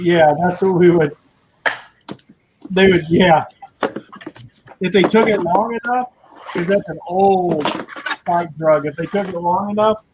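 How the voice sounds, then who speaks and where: A man's voice: high voice, background noise. A man chatting casually on a video call, given to dry wisecracks. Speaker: former hospital worker.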